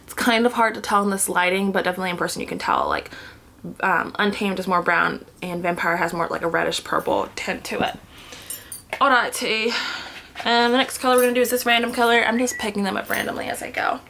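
A woman's voice: mid-range voice, a little fast, creaky, sharp tone, a little hiss or hum. A woman sitting on the floor at home, talking to a camera in a casual beauty vlog, chatty and thinking aloud, often dropping to a murmur. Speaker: beauty vlogger. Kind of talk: casual product swatching vlog.

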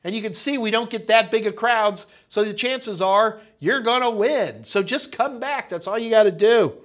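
A man's voice: sits high, moderate pace, fairly bright tone. A man hosting a live tech question-and-answer stream, chatty and upbeat, calling viewers folks, with a nagging cough. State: coughing, slightly hoarse.

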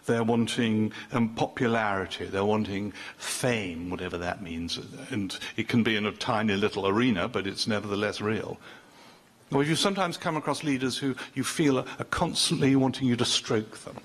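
A man's voice: lowish voice, normal speed. An older man preaching a sermon in a chatty, joking way, often breaking off mid-sentence and teasing the congregation.

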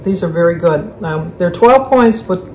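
A woman's voice: on the low side, lively intonation, normal speed, warm tone, rough recording. A woman hosting a casual home cooking video, chatty and correcting herself mid-sentence as she explains each step in her kitchen. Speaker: cooking channel host.

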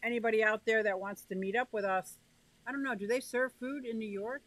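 A woman from the northeastern US hosts a casual livestream, greeting viewers by name while reading their comments aloud. Her voice is a little high and fairly bright, with fairly even intonation and a brisk pace. The recording quality is low.

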